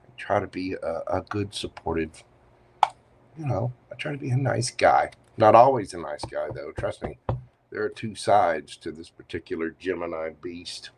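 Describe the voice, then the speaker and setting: A man's voice: low-pitched, expressive, moderate pace, slight background noise. Chatty playful man reading tarot. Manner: chatty, playful, teasing asides. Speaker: tarot reader. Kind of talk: live tarot reading stream.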